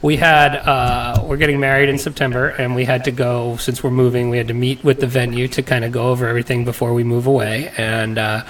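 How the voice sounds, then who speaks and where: A man's voice: medium pitch, level tone, fairly quick, hardly any pauses, a bit bright, roomy sound, recorded from a distance, slight background noise, low-quality recording. A young man hosting a casual podcast, chatty and telling stories with laughs. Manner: chatty storyteller, laughs through his story. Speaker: podcast host.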